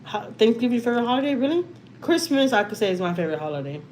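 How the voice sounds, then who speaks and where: A woman's voice: fairly high pitch, big pitch swings, rapid-fire, a little mellow, slight background noise. A woman from Texas with a Texan accent, chatting casually on her live stream and reading out viewer comments. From Houston, Texas. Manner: chatty, reads out viewer comments, says y'all often. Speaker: livestream host. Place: home.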